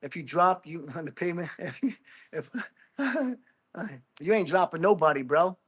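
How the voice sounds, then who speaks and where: A man's voice: a little high, animated, moderate pace, fairly bright tone, breathy edge. A middle-aged man hosting a casual livestream, bluntly chatting with viewers and calling them bro. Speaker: livestream host. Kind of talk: casual livestream chat, reading comments.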